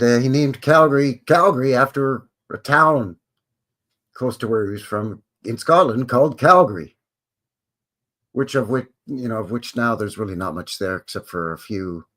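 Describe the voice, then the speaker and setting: A man's voice: fairly low pitch, fairly bright tone. A man hosting a casual livestream from a room at home, chatting in a rambling way and interrupting himself. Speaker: channel host. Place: home room with windows open.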